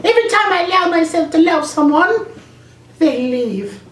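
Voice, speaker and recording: A man doing a shrill, lonely young heroine. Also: lively intonation, moderate pace, fairly bright tone, slight background noise. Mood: self-pitying. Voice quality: shrill high falsetto. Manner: mopey, self-pitying. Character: lonely young woman hero, guarded and hurt. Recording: roomy, distant from mic.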